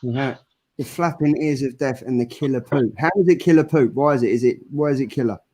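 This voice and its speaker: A man's voice: medium pitch, fairly quick, darkish tone. A man hosting a casual group video call, laughing and joking as he runs a drawing game and hands out points. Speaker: host.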